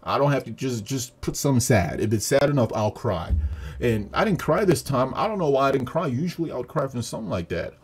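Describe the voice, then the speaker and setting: A man giving a casual, profane, animated review of a movie he just saw. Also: mid-range voice, fairly quick, breathy edge. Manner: profane, animated retelling with acted quotes. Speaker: video reviewer. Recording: audio static.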